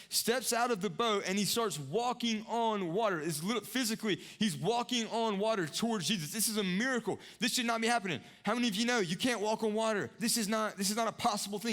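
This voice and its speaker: Earnest and repetitive, a young man delivers a sermon as pastor, his intensity swelling into emphatic highs before falling to quiet, hushed moments.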